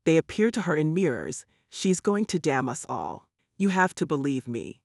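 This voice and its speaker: A woman's voice: deep voice, sing-song, moderate pace, gravelly, a little mellow, dry recording, studio quality, full character voice. A man voicing a furious, scheming older woman who rants and insists in an audiobook reading. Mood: insistent. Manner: ranting, insistent.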